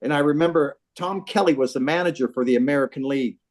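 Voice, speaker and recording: An older man tells an old baseball story over a phone call, lively and animated. His voice sits a little high, and he acts out the quotes with plenty of swearing. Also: quick pace. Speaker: baseball trainer telling a story.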